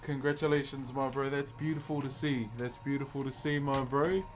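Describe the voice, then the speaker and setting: A man's voice: mid-range voice, fairly even intonation, normal speed, rough recording. A man with a New Zealand accent, live-streaming his wood carving and chatting casually with viewers, calling everyone bro. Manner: laid-back, calls everyone bro. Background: music playing.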